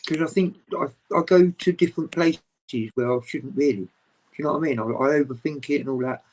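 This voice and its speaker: A man chatting casually as a guest on a livestream video call, rambling, open and animated. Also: a little high, a little fast, poor audio. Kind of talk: casual chat.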